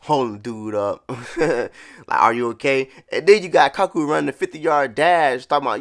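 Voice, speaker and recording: A man's voice: mid-range voice, brisk, a bit bright. A man casually reviewing a manga chapter, laughing often and acting out character lines. He says he is a little sick.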